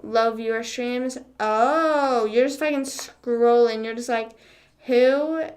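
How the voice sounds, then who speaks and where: A woman's voice: on the high side, fairly even intonation, slow pace. Young woman streamer chatting casually. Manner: casual, filler-heavy, sarcastic, swears freely. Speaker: livestreamer. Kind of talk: casual chat with live viewers.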